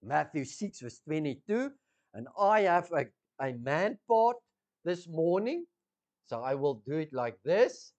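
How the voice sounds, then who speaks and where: Man preaching slow, lively up and down voice, keeps repeating words and checking people follow. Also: on the high side. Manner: slow teaching, repeats key words, asks the congregation questions. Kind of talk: sermon.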